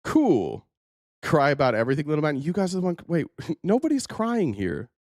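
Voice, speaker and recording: A man hosting a profane political rant, sarcastic and mocking, who keeps jumping into squeaky mock voices. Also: sing-song, normal speed, darkish tone, no room sound, studio quality. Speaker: political commentary host.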